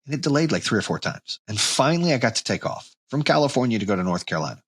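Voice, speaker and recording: A man's voice: medium pitch, fast, breathy edge, dry recording. A man in his forties hosting a podcast, giving a blunt motivational monologue with casual swearing. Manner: blunt, swears casually, animated when reenacting anger. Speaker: podcast host.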